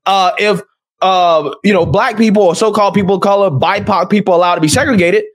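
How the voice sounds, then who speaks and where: A man hosting a reaction video, commenting in a halting way with many fillers. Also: high voice, fairly even intonation. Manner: halting, with frequent fillers and chuckles.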